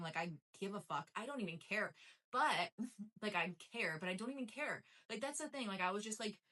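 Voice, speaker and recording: A woman's voice: on the low side, sharp tone. A young adult woman vlogging, giving casual motivational talk in a chatty, emphatic way with lots of repetition. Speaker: lifestyle vlogger.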